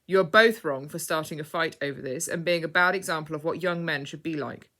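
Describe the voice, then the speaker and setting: A woman voicing a stern, authoritative male knight-like preacher who speaks firmly and loudly. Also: low-pitched, brisk. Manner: firm, authoritative and loud.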